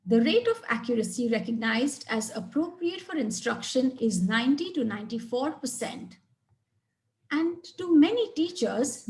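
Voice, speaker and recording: A woman with a high voice gives a webinar lecture on reading fluency. She explains clearly and in a measured way, stressing words in her example sentences.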